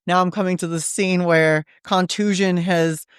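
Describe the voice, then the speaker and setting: Animated woman telling stories, smooth voice. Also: on the low side, moderate pace, no room sound, clean studio sound. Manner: animated, acts out quotes in shifting voices, swears freely. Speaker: podcast guest. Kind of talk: casual storytelling chat. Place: podcast studio.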